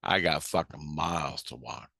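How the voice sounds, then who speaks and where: Deep-voiced man swearing through a story. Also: normal speed, creaky, bright, forceful tone, dry recording, studio quality. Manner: profane, heated and blunt. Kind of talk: casual storytelling.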